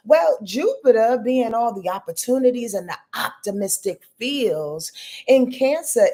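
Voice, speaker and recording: A woman hosting a casual astrology livestream, greeting viewers by name in a lively, playful and heartfelt spiritual way, on a webcam mic. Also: mid-range voice.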